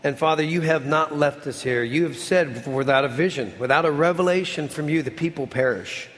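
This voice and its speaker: Earnest preacher with a slightly high voice in a reverberant hall. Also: male voice, fairly quick. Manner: earnest preaching, drops to a soft voice at the ends of lines. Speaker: pastor. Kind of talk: sermon with closing prayer.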